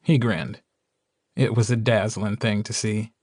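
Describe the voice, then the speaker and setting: Man, audiobook narration, steady and unhurried, dry studio read. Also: fairly low pitch, no echo. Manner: steady, even storytelling. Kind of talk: scripted first-person narration.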